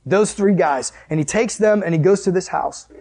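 High-voiced animated preacher man. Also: normal speed. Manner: animated storyteller, addresses listeners directly. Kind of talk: conversational sermon.

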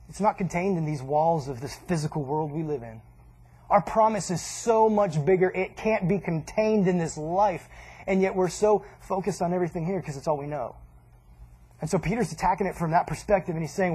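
A man's voice: high-pitched, moderate pace, darkish tone, breathy edge. A man preaching a casual sermon, conversational and joking, often quoting people in voices. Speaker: pastor.

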